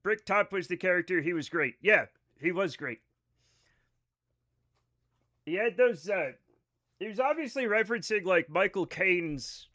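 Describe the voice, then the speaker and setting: A man's voice: sits high, animated, a little slow, long pauses, bright, forceful tone. A man streaming a space game live, chatting casually with his viewers in a rambling way and swearing freely. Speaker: livestreamer. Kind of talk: casual live-stream chat over gameplay.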